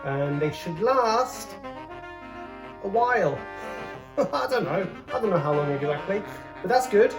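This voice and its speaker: A man hosting a casual cooking vlog from his home kitchen, joking around and exclaiming loudly as he tastes. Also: sits high, animated, measured pace, long pauses. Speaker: host, comedian cooking at home. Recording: roomy kitchen sound. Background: faint background music.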